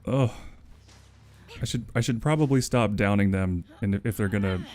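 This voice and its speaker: A man's voice: lowish voice, normal speed, a little mellow. A man live-streaming a game as the killer, chatting casually, giggling often and mocking himself.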